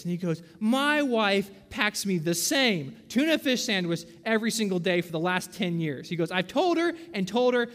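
A man's voice: high voice, a bit bright. A young man preaching a sermon, chatty and conversational, often checking in with "right?". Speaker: pastor. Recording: long hall reverb.

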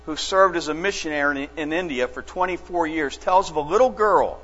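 A man preaching a sermon as a pastor, telling stories slowly and earnestly with dramatic pauses. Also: on the high side, fairly bright tone, soft background music. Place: church sanctuary. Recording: dull lo-fi church recording with long reverb and mains hum.

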